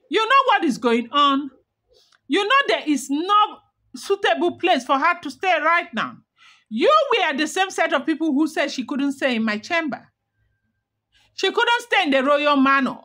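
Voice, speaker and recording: A woman's voice: high voice, sharp tone. A woman voicing an angry male king who scolds his elders with rhetorical questions.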